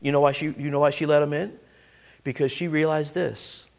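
Male preacher with a high voice, emphatic sermon delivery that stumbles over repeated words, reads scripture aloud. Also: flat delivery, fairly quick, gravelly, darkish tone. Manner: reads scripture aloud in old-fashioned wording.

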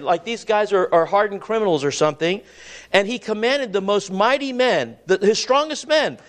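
High-voiced man preaching a sermon. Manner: earnest, repeats and restarts words, rises and drops pitch for emphasis.

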